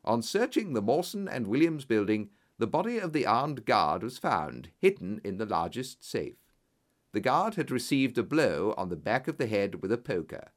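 A man narrating a story, reading in an expressive, clear storytelling manner. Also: medium pitch, moderate pace.

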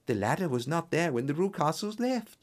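A man's voice: a little high, big pitch swings, brisk, pitched above the performer's own voice. A man voicing a frightened young woman, a governess in an audiobook story, speaking anxiously and urgently.

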